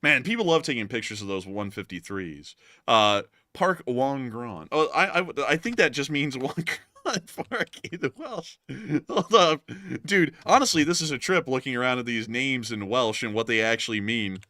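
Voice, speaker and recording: Bright-voiced laid-back male co-host. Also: medium pitch, expressive, moderate pace, no echo. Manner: laid-back, laughing, repeats stock thank-you phrases. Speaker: co-host of a live news stream. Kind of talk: casual live-stream chat.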